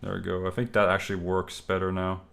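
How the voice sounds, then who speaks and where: A man's voice: sits low, completely flat delivery, quick pace, gravelly, fairly bright tone. Exasperated rambling young man. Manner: rambling, exasperated, many fillers and restarts. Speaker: streamer. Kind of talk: casual solo stream talk.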